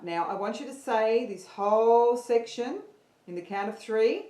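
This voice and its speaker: A woman's voice: a little high, a little slow, mellow, echoey room. A woman teaching an online singing lesson, upbeat and counting her students in.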